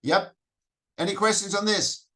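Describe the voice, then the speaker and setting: Speaking unhurriedly in a high-pitched, pushed, bright voice, a man leads a Toastmasters workshop. He questions the audience constantly, repeats himself, and restarts lines with "so, so."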